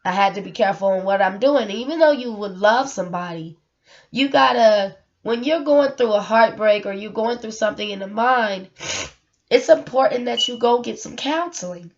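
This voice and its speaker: Woman, AAVE speaker, vlog monologue; earnest and emotional, full of repeats and rhetorical questions, slightly high voice, lo-fi recording. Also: normal speed. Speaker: single mother sharing her story.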